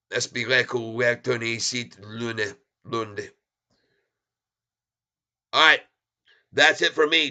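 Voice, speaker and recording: A man's voice: lowish voice, sharp tone, clean tone. A man hosting a long stock market livestream, chatting casually and rambling as he thanks viewers by name. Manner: tries broken French and Spanish.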